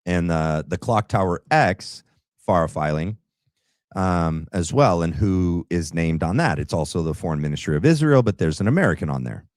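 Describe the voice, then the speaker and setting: Man, livestream host, very low voice, dry close sound, rambling casual commentary. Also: lively intonation, moderate pace, a little mellow, no echo. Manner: talks to the chat with rambling asides.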